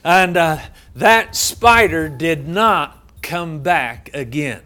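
A middle-aged male pastor preaching a sermon, telling a folksy story with many halting fillers. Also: on the high side, expressive, pushed and bright.

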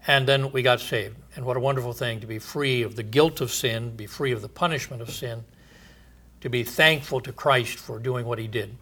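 A man preaching a sermon in an earnest teaching manner, posing rhetorical questions and pausing for emphasis. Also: mid-range voice, sharp tone, slightly rough.

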